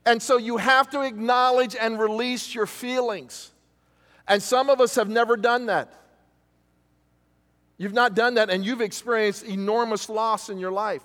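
A man's voice: very high-pitched, steady tone, unhurried, fairly bright tone. A man preaching a sermon as pastor, emphatic, with rhetorical questions and repetition, to a congregation in a church. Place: church hall. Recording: reverberant church hall.

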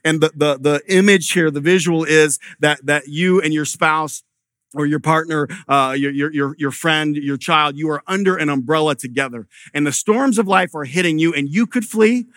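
Male pastor, middle-aged, bright forceful tone, dry close sound, chatty sermon with stories. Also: a little high, normal speed, no room sound. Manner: conversational preaching with storytelling and repeated restarts.

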